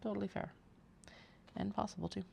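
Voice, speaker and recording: A woman's voice: medium pitch, fairly even intonation, fairly quick, creaky, a little mellow, a little hiss or hum. A woman hosting a casual sewing livestream from a home workroom, thinking aloud and poking fun at herself. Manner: chatty, thinks aloud, self-mocking. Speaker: host, bag maker.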